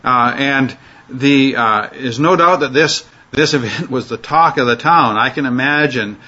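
A man's voice: medium pitch, measured pace, bright, forceful tone. A man teaching an informal Bible study lecture, talking conversationally with frequent fillers and restarts. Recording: dull lo-fi recording.

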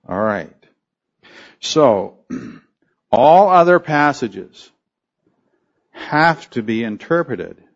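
A man preaching an expository sermon, emphatic and deliberate, often asking rhetorical questions as he teaches. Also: medium pitch, highs cut off. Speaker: pastor.

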